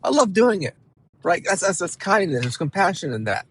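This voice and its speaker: An animated male counselor talks straight to the listener. His voice sits somewhat high, and he presses hard on key words and keeps tossing in "right?" as he goes. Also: moderate pace, husky, poor audio. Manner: emphatic, animated, peppered with "right?". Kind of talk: motivational talk to camera.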